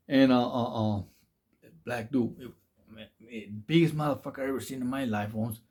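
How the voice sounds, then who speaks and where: Raspy dark-voiced dude casually telling prison stories, cussing a lot, restarting lines. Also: male voice, medium pitch, normal speed. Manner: rambling, slang-heavy, profane, many restarts. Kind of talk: casual storytelling.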